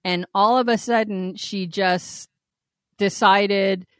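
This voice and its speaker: A woman co-hosting a candid casual chat, telling stories with animated swoops and frequent laughs. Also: medium pitch, slow pace, smooth, dry recording, studio quality. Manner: animated storyteller, swoops up when quoting; laughs often. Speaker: podcast co-host.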